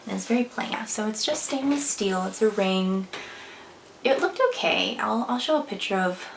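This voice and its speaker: A woman's voice: medium pitch, expressive, moderate pace, gravelly, background noise. Chatty young woman vlogging in an echoey room. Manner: chatty, many fillers like "like" and "um". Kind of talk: casual vlog talk to camera. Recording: echoey room, a bit far from the mic, faint music.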